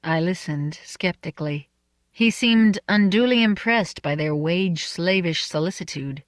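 A narrator reading a first-person novel in a measured, soft-spoken way. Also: mid-range voice, clear, resonant tone, no echo, clean studio sound. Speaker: audiobook narrator.

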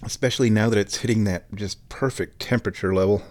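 A man's voice: lowish voice, fairly even intonation, fast talker, a little mellow. A man around fifty hosts a casual solo show from home, rambling wryly and chuckling at his own jokes. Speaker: podcast host.

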